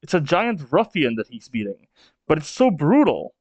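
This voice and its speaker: A man's voice: a little high, very animated, moderate pace, no echo. Hesitant male manga reaction host. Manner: hesitant, filler-heavy. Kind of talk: casual read-along commentary.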